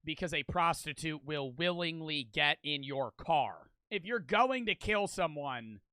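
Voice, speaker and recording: A man hosting a reaction video, talking in a rambling, excitable way and often laughing. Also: on the high side, unhurried, clean tone, no room sound. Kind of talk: casual reaction commentary.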